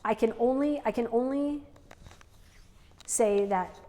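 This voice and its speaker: A co-host of an unscripted couple's podcast rambles in a fairly high, warm voice at a slow pace, often saying "like" and "right?". The recording has a long reverb.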